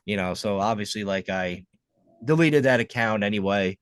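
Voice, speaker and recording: A man's voice: on the low side, moderate pace, clear, resonant tone, dry recording, clean studio sound. A man co-hosting a podcast, reminiscing in a rambling, profane, casual way full of fillers. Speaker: podcast co-host. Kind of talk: casual chat.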